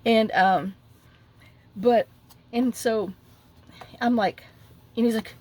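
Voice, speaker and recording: A woman's voice: on the high side, slow. Middle-aged lady rambling away over her craft desk, chatty, tons of asides. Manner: rambling, lively retelling with frequent asides. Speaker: crafting vlogger. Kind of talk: chatty storytelling while crafting.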